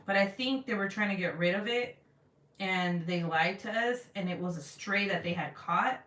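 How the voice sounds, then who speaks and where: A woman's voice: mid-range voice, moderate pace, a bit bright. Woman, thirties, casual vlog chat, blunt, swears a lot, roomy room, distant mic. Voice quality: blunt, swears often, chatty storytelling. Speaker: vlogger.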